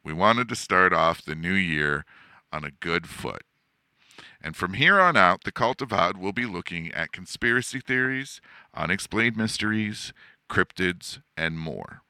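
A low-pitched man hosts a podcast in a loose, rambling chat full of fillers and casual swearing. His voice is strikingly bright and cutting, smooth and crisp, recorded dry and close with no room sound. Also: animated, measured pace, dry recording. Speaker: podcast host. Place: home setup, seated in a desk chair.

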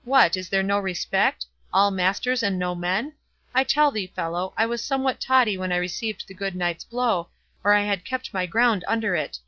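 A loud, blustering friar, burly and quick to quarrel, as a woman reads him aloud in an audiobook. The voice is bright and sharp, the sound dry and a little dull. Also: mid-range voice, no echo, close to an everyday voice.

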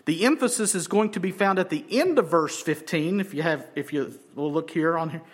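Emphatic high-voiced male preacher. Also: fairly quick, husky. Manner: emphatic, repeats phrases for stress. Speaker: pastor. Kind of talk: expository sermon.

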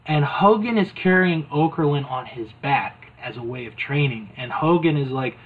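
A man retells an old wrestling videotape scene by scene, chatting casually and amused, rambling with fillers. He speaks at medium pitch and normal speed with a slightly rough voice, recorded with a tinny, phone-like quality.

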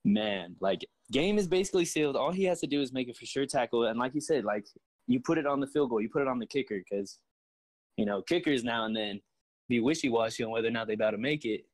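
A young man swaps sports stories in a relaxed, slangy way, at an ordinary middle pitch. His voice is recorded close and dry, with no room echo. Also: quick pace. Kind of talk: casual sports chat.

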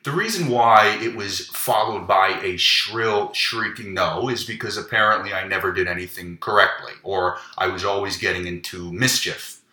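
A man hosting a comedy podcast, telling crude stories in a deadpan monologue. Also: deep voice, moderate pace, few pauses. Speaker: podcast host. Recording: echoey room.

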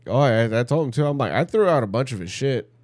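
Man, casual co-host, ranting and profane, dry close sound, middle pitch. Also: expressive, fast talker, darkish tone, no echo. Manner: profane, heated storytelling with mimicked quotes. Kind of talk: casual chat.

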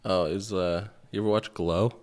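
Deep-voiced man bantering dryly. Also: fairly even intonation, normal speed, a little mellow. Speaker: podcast co-host. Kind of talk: casual true-crime podcast chat.

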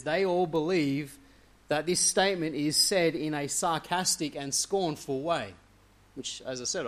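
Guy preaching a sermon, kinda higher voice, earnest, reads scripture out and explains it, trails off low at the ends. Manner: earnest expository preaching, leaning into quoted scripture.

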